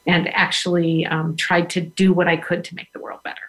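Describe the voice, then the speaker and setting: A woman guest on a talk show, speaking thoughtfully and earnestly, with some halting restarts. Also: on the low side, little pitch movement, low-quality recording. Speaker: podcast host and guest. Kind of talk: casual chat.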